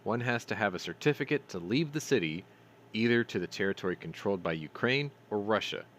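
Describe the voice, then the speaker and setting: A man's voice: lowish voice, animated, fairly quick, fairly bright tone, a little hiss or hum. A man hosting a news commentary stream, reading articles aloud and adding sarcastic, profane remarks, stumbling over names.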